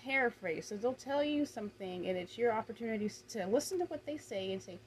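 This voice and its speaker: A woman's voice: a little high, animated, quick pace, hardly any pauses, a little hiss or hum, low-quality recording. A woman explaining communication techniques from a book in a casual, conversational way, often correcting herself. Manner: conversational, self-correcting, frequent fillers. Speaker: presenter summarizing a communication book.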